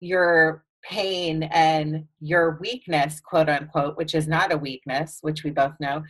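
Low-voiced woman hosting an interview. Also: level tone, takes it slowly. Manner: warmly enthusiastic, affirming. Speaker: interview host. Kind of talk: casual interview conversation.

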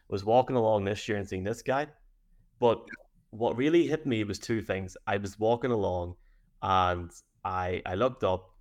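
An Irish man with a fairly low voice, co-hosting a laid-back chat show. He reads out listener messages and tells loose stories, laughing easily along the way. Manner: chatty, laughs easily while telling stories. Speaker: co-host reading listener messages. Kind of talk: casual chat.

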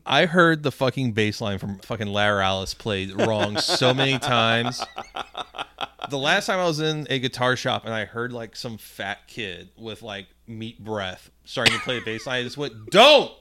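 A man's voice: medium pitch, normal speed. A man co-hosting a podcast, telling stories in a casual, profane way and acting out the people in them. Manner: profane, animated storyteller acting out quotes. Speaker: podcast co-host. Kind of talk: casual storytelling chat.

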